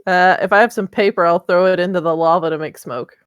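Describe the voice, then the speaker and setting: A woman talks through her moves in a tabletop game, low-pitched and smooth. She is playful and casual, recorded dry and close. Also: steady tone, fast, no room sound. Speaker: player.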